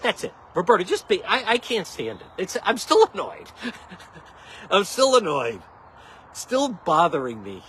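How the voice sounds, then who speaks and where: Animated, indignant male livestream host. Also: fairly high pitch, slight background noise. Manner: indignant, rambling, joking. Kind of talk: casual livestream chat.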